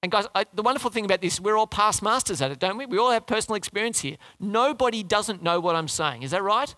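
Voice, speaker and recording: A man preaching a sermon in a lively, conversational way, often asking the congregation questions. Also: high-pitched, fast talker, no room sound. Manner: lively, conversational, asks the crowd questions, restarts.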